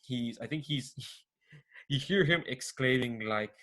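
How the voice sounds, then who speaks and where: A man's voice: mid-range voice, takes it slowly, a bit bright. Rambling male game master. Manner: rambling, many fillers and laughs. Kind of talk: narrating a tabletop game.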